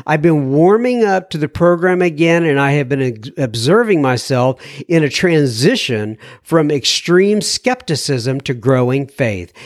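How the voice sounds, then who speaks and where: A man's voice: fairly high pitch, dry recording, studio quality. A man hosting a podcast, reading listener messages aloud in a casual, chatty way, thinking aloud with fillers and self-corrections.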